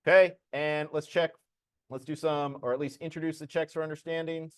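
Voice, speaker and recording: A man's voice: fairly high pitch, level tone, fairly quick, clear, resonant tone, dry recording, studio quality. A man teaching a programming lesson to a class, explaining code casually as he demonstrates it.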